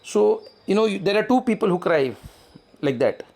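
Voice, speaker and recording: A man's voice: high voice, expressive, moderate pace, a little mellow. A man giving an explanatory devotional talk, acting out quoted prayers and using frequent fillers. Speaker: spiritual teacher.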